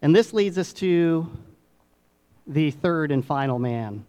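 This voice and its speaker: A middle-aged male pastor delivers a sermon in a slightly high voice. He lets phrases hang with dramatic pauses, falling into quiet, confiding asides before lifting to emphatic peaks. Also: expressive, smooth. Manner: dramatic pauses, swings between hushed and emphatic.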